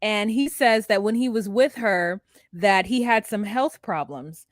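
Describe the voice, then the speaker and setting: A woman co-hosts a recap podcast, rambling and hesitant as she retells scenes with giggles. Her pitch sits in the middle. The mic is close and the sound is dry. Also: a little slow, dry recording. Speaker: podcast co-host. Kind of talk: casual recap chat.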